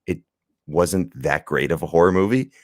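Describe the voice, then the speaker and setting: A man's voice: sits low, normal speed, no echo, clean studio sound. A man co-hosting a podcast, chatting casually and rambling through a movie review, laughing and swearing as he goes. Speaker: podcast co-host.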